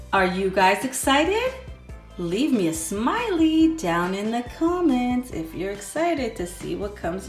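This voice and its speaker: A young woman hosting a children's toy video, talking in a sing-song, excited way and counting slowly. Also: a little high. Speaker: kids' toy video host. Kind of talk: children's toy play narration. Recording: echoey room, faint music.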